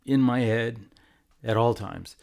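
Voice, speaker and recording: Gravelly man in his fifties chatting. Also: mid-range voice, takes it slowly, a little mellow. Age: 50s. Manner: agreeable, chiming in with short affirmations. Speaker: guest voice actor and science teacher. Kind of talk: casual chat.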